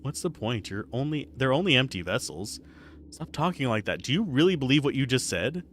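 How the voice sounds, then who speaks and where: Man reading a quiet, hopeless young clone girl. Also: mid-range voice, very animated, a little fast, slight background noise. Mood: despairing.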